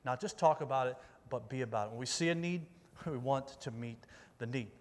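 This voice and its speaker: A man's voice: mid-range voice, a little fast. A man preaching a casual youth sermon as pastor, upbeat and chatty, rallying the audience and calling out for volunteers. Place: church meeting room with an audience. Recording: long reverb of a large hall.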